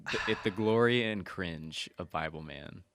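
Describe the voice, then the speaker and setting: A man's voice: low voice, normal speed, fairly bright tone, slight background noise. A young man in his twenties co-hosting a podcast, telling stories in casual chat full of "like" fillers. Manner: rambling, filler-heavy storytelling. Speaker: podcast co-host.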